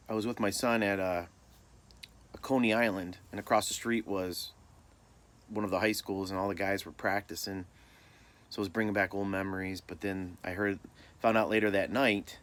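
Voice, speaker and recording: A middle-aged man from Michigan tells a story from his own life in a casual, easygoing way. His voice sits low, and he pokes fun at himself as he goes. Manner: laid-back, self-deprecating humor. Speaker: storyteller vlogger.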